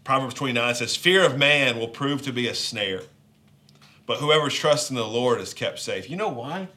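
A pastor with a Southern accent delivers a sermon in a loose, conversational style, slipping in jokes and asides. His voice is bright and forceful, and he sits at a middle pitch for a man. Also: expressive, moderate pace. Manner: conversational and joking, with playful asides.

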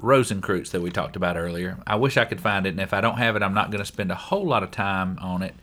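A man's voice: low voice, fast, bright, forceful tone. A man with a Southern US accent co-hosting a podcast in casual chat, often saying his co-host's name. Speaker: podcast co-host.

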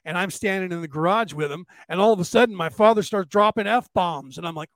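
Male host, high voice, dry close sound, animated storyteller who plays out the quotes. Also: fairly quick, no room sound. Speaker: podcast host. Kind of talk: casual storytelling conversation.

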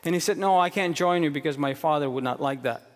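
A man preaching a sermon in earnest, moving between hushed low stretches and raised, emphatic questions. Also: fast talker. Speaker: pastor. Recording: long hall reverb.

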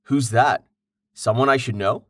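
A man voicing a curious, impatient young man who asks question after question in a slow, dry read. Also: medium pitch, fairly bright tone, no room sound. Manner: inquisitive, exasperated questions.

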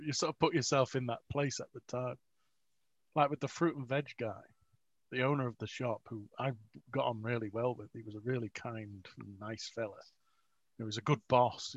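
A man, an author, telling rambling, self-mocking stories with frequent laughs in a casual interview. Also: mid-range voice. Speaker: author, guest. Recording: dry, dull lo-fi audio.

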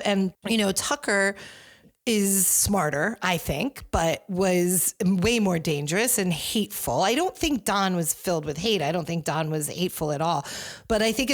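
A woman in her forties chatting on a podcast, telling stories in an animated way with quick asides. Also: on the low side. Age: 40s. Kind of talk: casual podcast chat.

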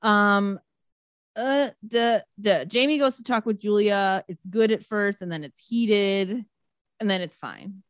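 Animated woman recapping a movie, dry sound. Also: mid-range voice, takes it slowly, no room sound. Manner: animated, swearing, acting out characters in quotes. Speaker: podcast co-host recapping a movie. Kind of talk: casual chat.

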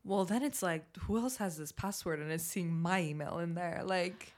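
A woman co-hosting a podcast, dropping quick, teasing remarks into the casual chat. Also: fairly low pitch. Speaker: podcast co-host.

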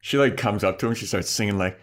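A man's voice: on the low side, fast talker. A man co-hosting a podcast, chatting casually about a TV episode, laughing often and acting out characters in silly voices. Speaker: podcast co-host. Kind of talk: casual chat recapping a TV episode.

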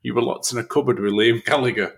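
A man co-hosting a podcast in casual chat, relaxed and chuckling between phrases. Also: mid-range voice, fast, creaky, slight background noise. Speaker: podcast co-host.

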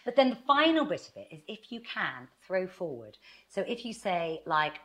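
Animated woman giving advice. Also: sits low, a little fast. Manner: animated, acts out little quoted exchanges. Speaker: author and guest. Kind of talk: conversational advice interview.

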